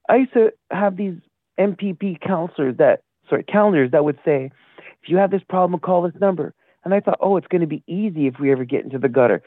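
A man's voice: high-pitched, no echo. A man calling in to a talk show, rambling and indignant, losing his thread at times. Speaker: caller. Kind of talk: call-in rant. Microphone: phone call. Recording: tinny phone line.

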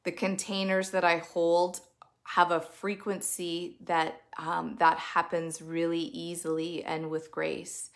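A woman speaks to her online sisterhood in a loose, gushing live talk. Her voice sits a little low for a woman, and she mixes spiritual language with casual swearing. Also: completely flat delivery, takes it slowly, a bit bright. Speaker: women's community coach and host.

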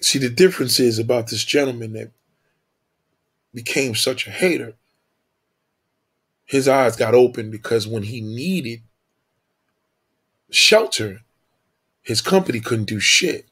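A man delivers a preachy storytelling monologue, emphatic and full of profanity. He repeats his points for weight. The voice is husky and breathy at a middling pitch. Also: animated, measured pace, pauses often, a bit bright.

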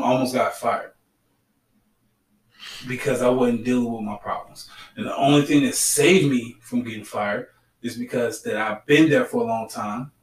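A man's voice: mid-range voice, recorded from a distance. A middle-aged man in casual podcast talk who speaks bluntly and hammers his points home, often repeating them. His voice sits in an echoey room and sounds set back from the microphone. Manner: blunt, preachy, repeats himself. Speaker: podcast co-host.

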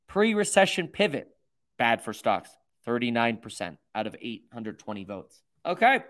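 A man's voice: mid-range voice, sing-song, moderate pace, a bit bright. Rambling self-mocking male livestream host. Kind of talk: livestream commentary.

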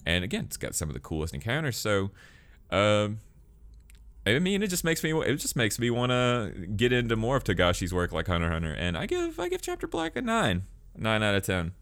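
A man's voice: sits low, a bit bright, no echo. A man with a Southern US accent hosting a casual podcast, laughing often and talking with many fillers. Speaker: podcast host. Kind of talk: casual chat reviewing an anime arc.

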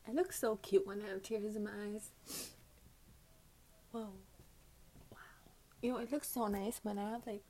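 Woman podcast host, loose and foul-mouthed, swings from shouting to whispering. Slightly high voice, unhurried delivery. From United States. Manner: profane and giggly, swinging between loud outbursts and muttered whispers. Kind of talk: casual solo chat answering questions.

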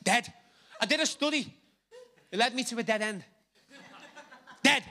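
High bright animated male preacher. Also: moderate pace. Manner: animated, jokey, repeats words for emphasis. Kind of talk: sermon.

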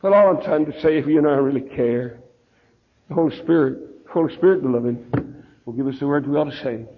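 A pastor with a Southern US accent, telling a story in a sermon and acting out the voices of the people in it, heard on a dull lo-fi recording. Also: male voice, on the high side, a little fast, slightly rough. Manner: folksy preacher, acts out quoted voices.

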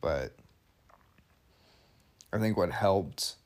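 A young man talking casually and at length, his voice sitting on the low side. He jokes and rambles, full of "like" and "um". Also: animated, extremely slow. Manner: rambling, jokey, filler-heavy. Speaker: podcast guest, husband. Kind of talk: casual conversation.

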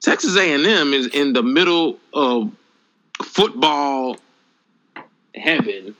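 Bright-voiced man talking sports casually. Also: a little high, animated. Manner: measured, hedging with "I mean". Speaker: podcast co-host. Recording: dull lo-fi audio.

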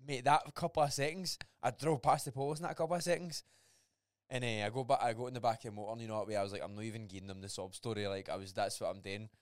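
A young man with a Scottish accent, co-hosting a podcast in an animated, sweary way. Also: mid-range voice, very fast, clear, resonant tone, dry recording, clean studio sound. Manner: animated, sweary, repeats words. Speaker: podcast co-host. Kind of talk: casual chat.

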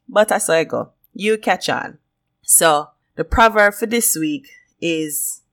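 A woman from Jamaica with a Jamaican accent hosting a solo podcast, talking casually and lively and slipping into patois. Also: on the low side. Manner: lively, switches into patois, laughs often. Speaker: podcast host.

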